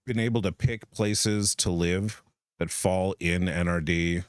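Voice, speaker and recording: A man's voice: low voice, fairly even intonation, unhurried, clear, resonant tone, no echo. A man co-hosting a live stream, chatting in a rambling, playful way. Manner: rambling, playful, musing aloud. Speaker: stream co-host. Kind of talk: casual chat.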